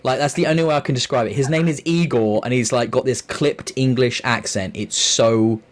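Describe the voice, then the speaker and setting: A man's voice: mid-range voice, normal speed. A man co-hosting a podcast, talking through a game in a loose, rambling way with frequent chuckles. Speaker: podcast co-host. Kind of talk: casual chat.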